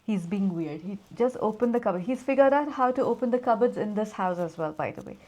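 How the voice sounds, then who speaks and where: A woman's voice: mid-range voice, lively intonation, brisk, dark tone. A woman chatting casually through a perfume review, rambling and easily distracted.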